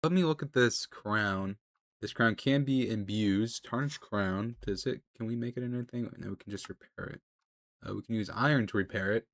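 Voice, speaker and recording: Excitable young man narrating his gameplay. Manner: chatty, excitable, jumps into high-pitched panic during fights. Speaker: gaming video creator. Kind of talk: live gameplay commentary.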